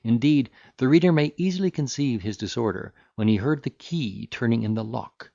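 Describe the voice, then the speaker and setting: A man narrating a classic novel in a measured, formal storytelling manner. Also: mid-range voice, creaky, dark tone, no echo, lo-fi sound. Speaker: audiobook narrator.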